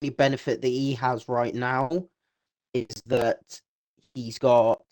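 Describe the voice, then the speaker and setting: A man's voice: mid-range voice, flat delivery, slow pace, darkish tone. A man giving analytical co-commentary on a sim racing broadcast, often restarting and repeating words. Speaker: race commentator.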